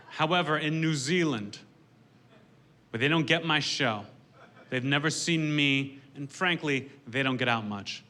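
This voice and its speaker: Male stand-up, deadpan, bright and cutting tone, faint hiss. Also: a little high. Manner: deadpan, dry delivery. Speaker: stand-up comedian. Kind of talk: stand-up set on stage.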